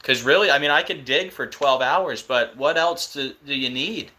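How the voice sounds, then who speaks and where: Excited, fast-talking young man. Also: mid-range voice. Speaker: live stream host. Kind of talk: casual live stream talk.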